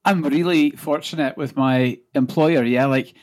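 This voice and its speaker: A man's voice: medium pitch, unhurried, no room sound. A man with a Scottish accent, a doctor chatting as a guest on a podcast. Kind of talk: casual podcast chat.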